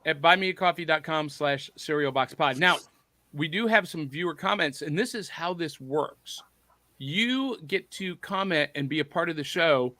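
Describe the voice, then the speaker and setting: A man's voice: a little high, normal speed, pushed and bright, dry recording. A man hosting a podcast, reading out viewer comments in a playful, jokey, casual chat. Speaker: podcast host.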